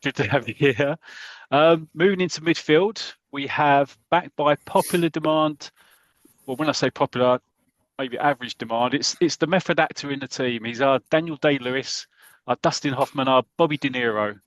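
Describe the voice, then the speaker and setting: A man's voice: medium pitch, moderate pace, fairly bright tone, dry recording, poor audio. British male podcast host, playful, jokey intros, dry close sound. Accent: British English. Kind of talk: casual chat, comic introductions.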